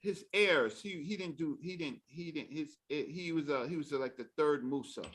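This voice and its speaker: Male guest, bright tone, halting, restarts often. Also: fairly high pitch, slight background noise. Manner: halting, restarts when explaining. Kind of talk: casual discussion.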